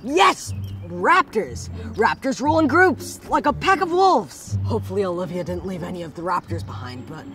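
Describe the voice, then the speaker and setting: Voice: medium pitch, sing-song, moderate pace. A person playing a park ranger in a kids' dinosaur video, thinking aloud hesitantly as they work out a clue. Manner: muses aloud, hesitant fillers. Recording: music playing behind.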